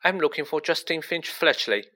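A man's voice: fairly high pitch, lively intonation, moderate pace, pushed and bright, voice pushed up. A man voicing an angry young teenage boy wizard who speaks in a fierce, clipped and defiant way, in a storybook reading.

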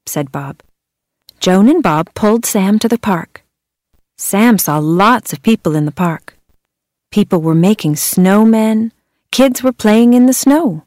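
A woman English teacher reads a children's picture book aloud. She goes slowly and clearly, with lively swings of pitch for young listeners. The recording is dry and close. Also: no echo. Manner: slow, clear, expressive storybook reading.

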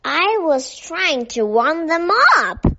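Woman reads as cranky old Santa figure for a storybook, exasperated and loud, slow and high. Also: sing-song, noisy background, exaggerated voice. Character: cross bellowing old Father Christmas. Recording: dull lo-fi recording.

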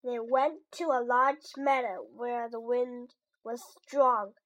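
A woman reads a children's storybook aloud, slowly and with great care. Her voice is high and bright, and every word comes out clear. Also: fairly even intonation, lo-fi sound. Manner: slow, clear and deliberate.

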